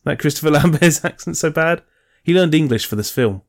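A man's voice: fairly high pitch, animated, a little fast. A man co-hosting a podcast in casual chat, rambling and swearing as he gets worked up about film trivia. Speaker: podcast co-host.

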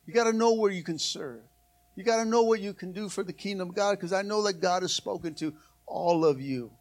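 A man preaching a sermon to his church as pastor, lively, with repeated calls of come on and hallelujah. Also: sits high, a little fast.

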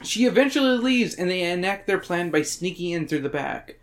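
A podcast host reads chapter summaries aloud in a loose, casual book club chat. The voice sits at a middling pitch. The jokes run crude and irreverent throughout. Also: animated, normal speed.

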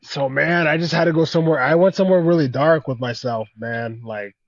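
A man as a podcast guest in casual conversation, halting and reflective, filling pauses with "man" and "you know.". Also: fairly high pitch, dry recording, muffled recording. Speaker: guest fighter.

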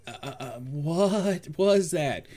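A man's voice: on the high side, animated, takes it slowly, dark tone. A man in his forties co-hosting a casual chat, rambling through a story with plenty of fillers and restarts. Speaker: podcast co-host.

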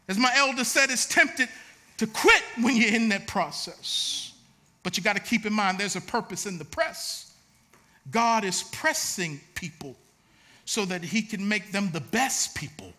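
Preacher guy, real high voice, super bright, yelling his sermon then going quiet. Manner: shouting, preaching with rising intensity.

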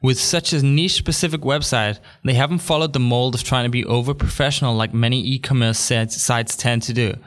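A man's voice: mid-range voice, fairly even intonation, a little fast, few pauses, a bit bright. A young adult man from England, hosting a solo podcast in an upbeat, chatty way with jokey asides. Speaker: podcast host.

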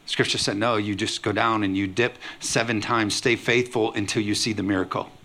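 A man pastor preaching a lively sermon, acting out quoted voices with humor. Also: fairly low pitch, normal speed.

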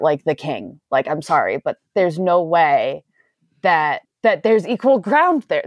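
Low-voiced woman in animated podcast talk. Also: moderate pace, no echo. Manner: animated, restarts often, laughs while talking. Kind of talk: casual podcast discussion.

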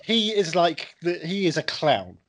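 Male podcast co-host, husky, jokey and sweary. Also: a little high, big pitch swings. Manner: jokey, sweary, quick impressions. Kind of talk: casual chat.

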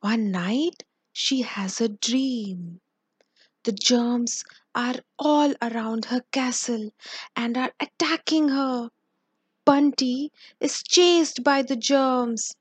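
A woman reading a children's story aloud in a slow, expressive way. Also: on the high side, slightly rough, no echo.

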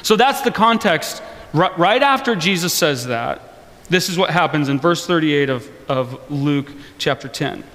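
High-voiced joking preacher in a reverberant hall. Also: male voice, measured pace. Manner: conversational and joking, animated. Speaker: pastor. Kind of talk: sermon. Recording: long reverb of a large hall.

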